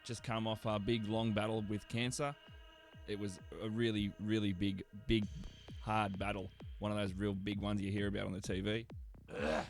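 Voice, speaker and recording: A man's voice: lowish voice, flat delivery, moderate pace, soft background music. A man with an Australian accent hosting a radio show, rambling in crude, sarcastic, swear-heavy banter full of fillers. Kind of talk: casual profane radio banter.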